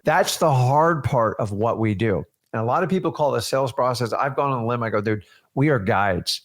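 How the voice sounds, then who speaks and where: A man co-hosting a casual talk, earnest and emphatic, with a preachy motivational manner. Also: medium pitch.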